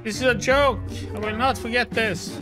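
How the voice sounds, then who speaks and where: Man putting on a pleading hotel cleaner, high and whiny, game music underneath. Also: lively intonation, normal speed. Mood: outraged.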